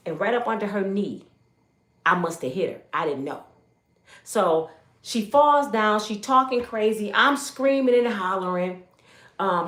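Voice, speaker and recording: A middle-aged woman telling a personal story in a casual, animated way, acting out the voices of the people in it. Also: mid-range voice. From Michigan, United States. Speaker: storyteller giving a personal testimony. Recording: roomy echo.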